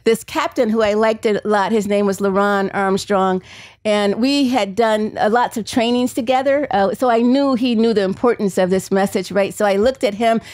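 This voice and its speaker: A woman's voice: mid-range voice, a little mellow, no echo. A woman author and psychology professor giving a storytelling book talk at a bookstore event, chatty, laughing often and acting out the quotes.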